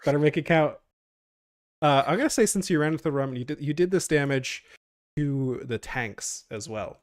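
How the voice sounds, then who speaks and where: A man narrating as game master in a casual tabletop session, laughing often and filling pauses with um and uh. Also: fairly high pitch, expressive, no echo, clean studio sound. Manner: casual, laughing, lots of fillers and restarts.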